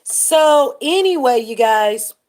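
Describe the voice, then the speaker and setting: A woman's voice: high-pitched, lively intonation, slow, a little mellow. A woman hosting a live stream and telling a story in a casual, chatty way. She keeps breaking off to greet viewers by name.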